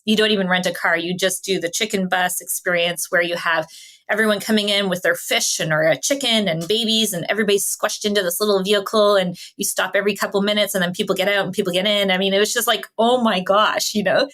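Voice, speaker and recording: A woman from Canada, a podcast guest, telling travel stories in an animated, chatty way and often laughing. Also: medium pitch, fast. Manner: animated storyteller, laughs often, acts out quotes. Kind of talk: casual interview storytelling.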